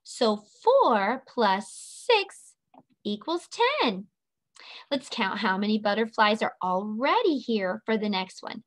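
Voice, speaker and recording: A woman teaching an online preschool lesson, talking to young children in a slow, sing-song way and stretching out each word. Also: medium pitch, very animated.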